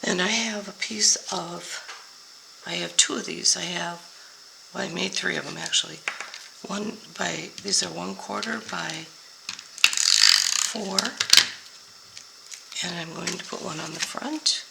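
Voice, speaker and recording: Slow, gravelly older woman demonstrating crafts. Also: on the low side, heavy background noise. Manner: slow, step-by-step explaining while working. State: hoarse, voice going out. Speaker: papercraft demonstrator. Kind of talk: card-making tutorial.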